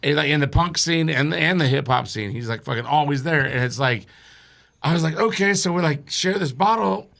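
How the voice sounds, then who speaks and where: A man's voice: a little high, animated, brisk, vocal fry, a bit bright. A man telling a rambling, profane story as a guest on a podcast, laughing along as he goes. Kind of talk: casual storytelling.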